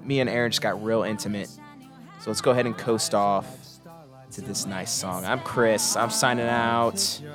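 A young man co-hosting a podcast in casual chat, ranting in a rambling, energetic way with stammered restarts. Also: lowish voice, normal speed, music in the background. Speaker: podcast co-host.

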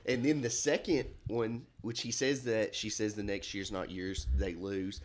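A man's voice: fairly low pitch, fairly even intonation, unhurried. A man co-hosting a podcast who recaps events in casual chat, rambling with filler words. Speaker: podcast co-host.

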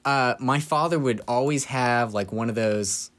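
A man's voice: medium pitch, a little slow. Young guy, chatty podcast host, laughs through grim family anecdotes, does voices for quotes. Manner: laughs through dark childhood stories, quotes people in voices. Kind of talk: casual storytelling chat.

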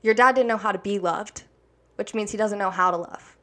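A young adult woman, a hair stylist, speaking openly and from the heart in a conversation, her words coming in quick rushes. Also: medium pitch, sharp tone. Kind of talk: candid conversation.

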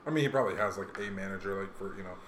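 A man's voice: sits low, racing, a bit bright, slight background noise. A man chatting casually about rap music, rambling with many fillers and restarts. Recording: echoey room.

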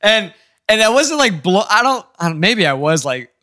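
A young man on a podcast, telling family stories in an animated, laughing casual chat. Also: high-pitched, moderate pace, dry recording, studio quality. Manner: animated storytelling, quotes family in put-on voices, laughs often. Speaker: podcast co-host.

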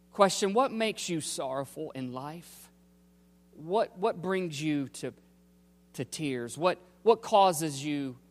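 A pastor preaching a sermon, a man speaking slowly and emphatically, with pauses and repeated phrases. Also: on the high side, big-room sound.

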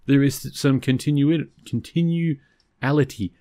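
A man's voice: mid-range voice, takes it slowly, dark tone, no room sound. A man hosting a podcast, recapping an episode in a casual, rambling way and often correcting himself. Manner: rambling, self-correcting, conversational. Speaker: podcast host.

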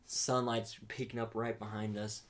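A man telling a hunting story in a casual chat, animated and laughing, full of "dude" and "like". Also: on the low side, moderate pace. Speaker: podcast host.

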